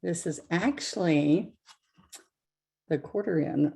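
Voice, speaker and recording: In this live craft demonstration, a woman teaches a painting class, chatting through each step and frequently correcting herself along the way. Her voice is deep, slow, gravelly, and slightly mellow.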